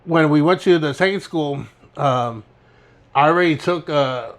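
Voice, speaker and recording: A man's voice: a little high, a little slow. A young man co-hosting a podcast, telling rambling, laid-back stories and laughing as he goes. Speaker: podcast co-host. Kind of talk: casual storytelling chat.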